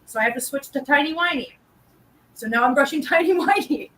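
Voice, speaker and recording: A woman's voice: high-pitched, fairly quick, fairly bright tone. A woman hosting a casual live stream, chatting and cooing baby talk at her cats with frequent laughs. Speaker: host.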